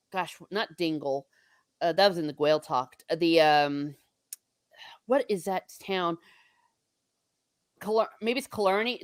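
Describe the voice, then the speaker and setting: A woman from the United States hosting a casual livestream book chat, talking in a chatty, animated way and reading viewer comments aloud. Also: on the low side, clean tone, no room sound. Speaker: host.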